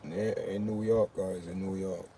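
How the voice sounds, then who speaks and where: A man chatting casually with his livestream viewers, animated and talking straight to the chat, outdoors on a windy street. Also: low-pitched, normal speed. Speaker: livestream host. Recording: faint outdoor street noise.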